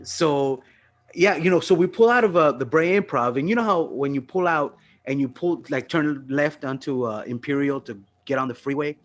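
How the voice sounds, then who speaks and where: A man's voice: fairly high pitch, moderate pace. A man, a comedian co-hosting a podcast, telling a long anecdote in loose, profane casual chat, often checking in with "right?" and "you know what I mean".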